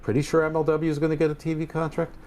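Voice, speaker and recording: A man's voice: a little high, monotone, rapid-fire, darkish tone, slight background noise. A man co-hosting a casual wrestling chat, blunt with dry sarcastic asides. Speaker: podcast co-host.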